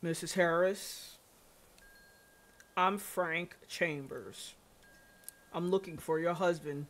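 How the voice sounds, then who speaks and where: A woman voicing a polite, persistent male private investigator, reading his lines formally in a slightly lowered voice. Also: steady tone, takes it slowly.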